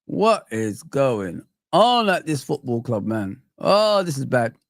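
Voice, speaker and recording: A man hosting a casual football live stream, reacting excitedly to clips and chatting with viewers. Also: mid-range voice, slow, no room sound, clean studio sound.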